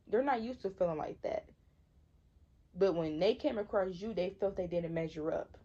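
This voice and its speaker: A woman's voice: lowish voice, normal speed, mellow, muffled recording. A woman in her twenties from Michigan giving a casual, slangy tarot reading, repeating herself for emphasis. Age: 20s. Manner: conversational, repetitive, slangy, emphatic. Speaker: tarot reader.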